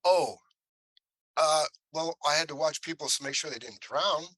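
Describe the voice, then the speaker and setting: A man guesting on a podcast, telling animated stories about his life and dropping into quick impressions. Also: on the high side, no echo, low-quality recording. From Cleveland, US. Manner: animated storyteller who slips into impressions. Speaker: actor guest. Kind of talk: podcast interview storytelling.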